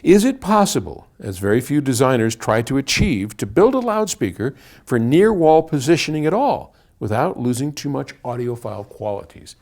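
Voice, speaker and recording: A man explains things casually in an indoor room, speaking at an ordinary middle pitch. His talk is conversational and loose, full of restarts and repeated words. A single room microphone picks him up. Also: sing-song, normal speed, hardly any pauses, a little mellow. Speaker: audio company head answering viewer questions. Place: indoor room, moving toward and away from a wall.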